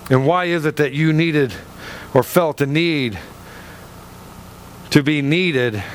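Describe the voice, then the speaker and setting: A man's voice: medium pitch, slight background noise. A male pastor preaching a sermon in a church, firing rhetorical questions with dramatic swings in his delivery.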